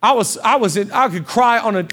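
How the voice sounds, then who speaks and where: Pastor, man in his 30s, bright high voice, impassioned church sermon, hushed to shouting. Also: a little fast. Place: church stage.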